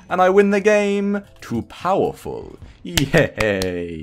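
A man's voice: fairly high pitch, wildly swooping pitch, takes it slowly, hardly any pauses. A man giving sarcastic, self-mocking commentary over his own gameplay as a video host. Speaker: gaming YouTuber.

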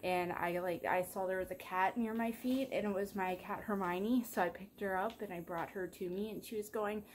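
A woman's voice: mid-range voice, fairly even intonation, normal speed, a little hiss or hum. A young woman chatting casually in a daily vlog, bubbly, rambling and self-deprecating. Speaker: vlogger.

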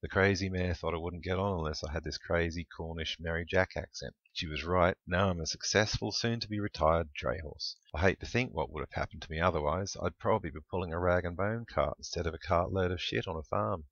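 A man's voice: deep voice, fairly even intonation, a little fast, hardly any pauses, fairly bright tone, no echo, dull audio. A man voicing a big, nervous, soon-to-retire male dray horse who rambles with a vacant air. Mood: rambling.

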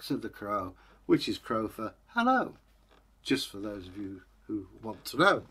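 A man's voice: mid-range voice, big pitch swings, unhurried, a bit bright. A man hosting his own channel, telling an old folktale in a chatty way with jokey asides. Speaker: storyteller, channel host. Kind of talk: casual folktale storytelling.

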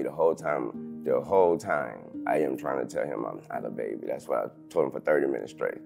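A man in his thirties, an interview guest telling a painful personal story in halting sentences full of restarts. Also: very deep voice, vocal fry, faint music behind. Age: 30s. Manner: halting, restarts sentences, loud when quoting others.

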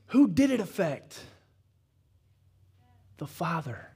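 A Southern pastor with a notably high voice delivers a sermon, chatty and homespun as he tells his stories. He pushes his voice up into loud, fervent exhortation as he drives his points home. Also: expressive, moderate pace, pauses often. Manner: folksy storytelling that builds to shouted exhortation. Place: church service.

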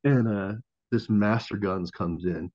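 Brief: man, 30s, low voice, animated swearing storyteller, dull lo-fi dry podcast sound. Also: a little slow, no echo. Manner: profane, animated, acts out quoted voices, laughs often. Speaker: podcast guest, Marine veteran and former Navy corpsman. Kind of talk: casual storytelling.

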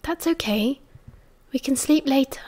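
A woman with a British accent reading the lines of an eager, affectionate young man in an audiobook, often hushed and breathless. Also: high-pitched, moderate pace, voice pushed up, close to an everyday voice.

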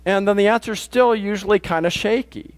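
A man's voice: high voice, brisk, smooth. A pastor delivering a conversational sermon in a plain-spoken, matter-of-fact way, often restarting his sentences. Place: church.

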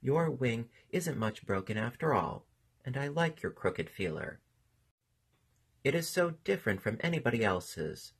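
A man voicing a timid, gentle young female moth in a storybook, speaking in a tender, pleading way. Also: medium pitch, sing-song, a little slow, husky, heavily acted. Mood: fond.

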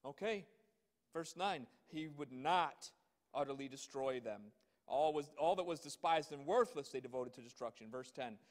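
Male pastor, high-pitched, emphatic scripture reading with rhetorical asides, long reverb of a large hall. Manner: reads scripture slowly and emphatically, then comments with rhetorical questions.

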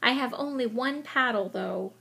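A woman playing a friendly boy mole from a storybook, gently teasing his friend. He speaks slowly and clearly, with a raised pitch. His voice is a little gravelly. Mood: playful. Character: kind friendly male mole. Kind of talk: reading a storybook aloud.

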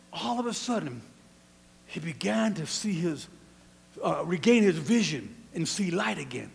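A man preaching a sermon as pastor, animated, dropping to a hush and then rising to shouts. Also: a little high, unhurried, gravelly. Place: church sanctuary. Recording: long church hall reverb.

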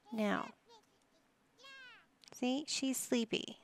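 A woman with a voice on the high side speaks slowly. As a gaming channel host, she casually comments on a life-sim game, bossing her characters around like a patient parent and slipping in wry, mildly exasperated asides.

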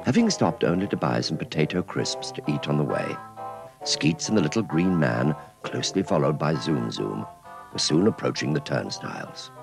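A man narrating a children's cartoon story in an expressive storytelling manner. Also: a bass voice, normal speed, vocal fry, over music.

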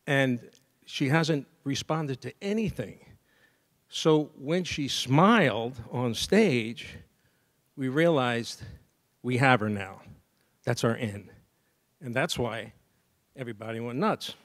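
A man giving a graduation speech as a saxophonist, telling a story lively and scatting melodies. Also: medium pitch, slow, pauses often. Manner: lively storyteller who scats melodies and acts out dialogue. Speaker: commencement speaker and saxophonist. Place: university degree ceremony.

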